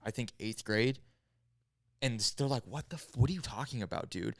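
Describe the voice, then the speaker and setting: A man's voice: mid-range voice, animated, brisk, gravelly, fairly bright tone, no echo, clean studio sound. A man casually telling a grim story to friends on a podcast, rambling and profane, with many "right?"s and "like"s. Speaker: podcast host.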